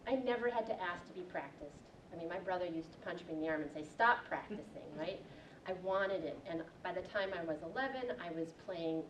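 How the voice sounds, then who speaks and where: A woman in her forties from Wisconsin, a branding coach giving a personal storytelling talk, lively and acting out the lines she quotes. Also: mid-range voice. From Wisconsin, USA. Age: 40s. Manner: animated storyteller who acts out quotes. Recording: roomy echo from far off, faint hiss.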